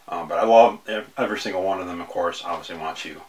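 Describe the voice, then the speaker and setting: A man with a very low voice talks through his film picks in a loose, casual way. He rambles, restarts sentences and fills pauses with ums as he goes. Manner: rambling, hesitant, many fillers and restarts. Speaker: horror film reviewer. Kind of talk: casual video review.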